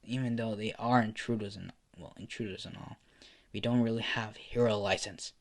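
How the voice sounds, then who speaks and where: A gruff, hot-headed teen boy, voiced by a man. He snaps his lines with rude impatience in a fan-made storybook reading. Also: on the low side, fairly even intonation, normal speed, natural voice. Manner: gruff, swearing.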